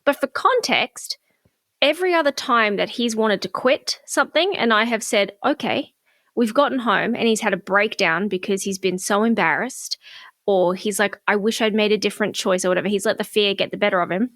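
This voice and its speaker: A woman's voice: mid-range voice, fairly quick, fairly bright tone, no echo, studio quality. A middle-aged woman co-hosting a podcast, candidly telling a personal story in casual chat. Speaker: podcast co-host.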